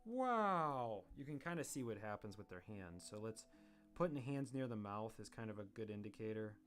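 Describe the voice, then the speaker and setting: A man streaming his drawing session live, thinking aloud in a relaxed, self-deprecating way as he works. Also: lowish voice, a little fast. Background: guitar music.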